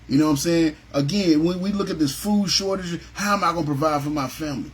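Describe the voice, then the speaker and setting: A man's voice: a little high, quick pace, few pauses, husky. A middle-aged man leading a Bible study over a phone, speaking conversationally and often asking "you know what I'm saying?". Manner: acts out biblical figures with a raised voice. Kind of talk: informal livestream Bible study sermon.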